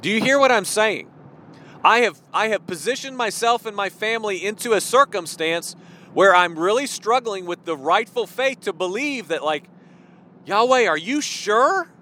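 A man preaching a sermon, swinging between soft pleading and loud, impassioned declaration. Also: sits high, lively intonation, moderate pace, slight background noise.

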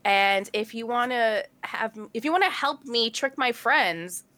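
A woman co-hosting a casual podcast, slangy and expressive, swearing freely. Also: a little high, a little slow. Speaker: podcast co-host. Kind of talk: casual chat.

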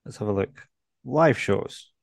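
Male comedian co-host, low-pitched, easygoing dry delivery, dead dry sound. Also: lively intonation, a little slow, creaky, no room sound. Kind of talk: casual podcast banter. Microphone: video call.

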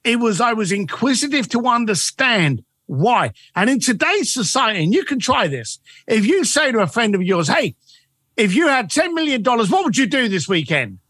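Lively high-voiced husky man. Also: moderate pace, no room sound, studio quality. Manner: animated, acts out quoted dialogue. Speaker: guest author and coach. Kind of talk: interview storytelling.

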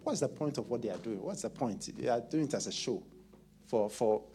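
Animated man preaching a sermon. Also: mid-range voice, brisk, soft background music. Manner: animated, repeats words while thinking aloud. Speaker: pastor.

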